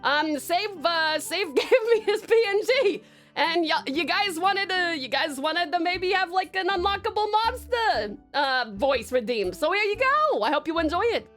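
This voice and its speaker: A woman's voice: extremely high pitch, sing-song, unhurried, fairly bright tone, soft background music. A woman from Tasmania, Australia, streaming live in casual chat, rambling and giggling as she greets viewers.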